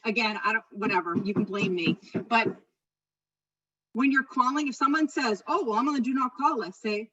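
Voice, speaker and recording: A woman leading a live real estate training session, chatty and animated, often stopping herself mid-thought. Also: medium pitch, brisk, breathy edge, distant mic, lo-fi sound. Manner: chatty, animated, self-interrupting.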